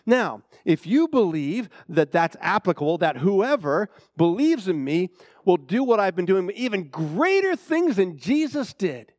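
A middle-aged man preaching a sermon, asking the congregation for amens and swinging between loud, raised emphasis and low, quiet asides. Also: no echo, studio quality. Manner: preaching with call-and-response, asks for amens. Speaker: pastor.

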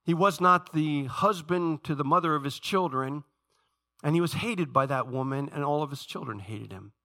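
A middle-aged pastor delivers a sermon in a bright, forward voice that sits a touch high for a man. He presses the congregation with repeated questions, climbing in pitch and volume, then falls back to low, hushed lines. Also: moderate pace, gravelly. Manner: preaching with dramatic rises and soft drops, questioning the congregation.

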